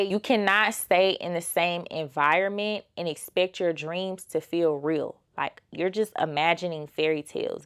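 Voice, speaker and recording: A woman's voice: medium pitch, smooth. A young woman, giving a chatty, emphatic motivational vlog monologue. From Georgia, USA. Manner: emphatic and chatty, full of fillers and rhetorical "okay?". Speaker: lifestyle motivational vlogger.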